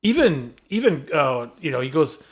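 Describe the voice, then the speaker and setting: A man's voice: a little high, sing-song, moderate pace. Enthusiastic male podcast co-host. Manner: enthusiastic, talks at length, addresses co-hosts by name. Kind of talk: casual chat.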